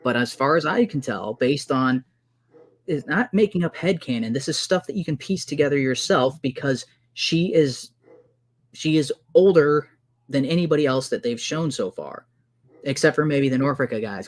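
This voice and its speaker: A man arguing heatedly in a casual debate, excitable and exasperated, often talking over the other man. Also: mid-range voice, moderate pace.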